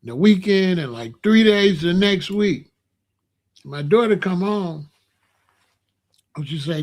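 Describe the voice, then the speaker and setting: A man's voice: lively intonation, slow pace, long pauses. Streetwise man telling a story. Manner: loose, streetwise, drops into low murmurs. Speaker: storyteller host. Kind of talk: casual storytelling.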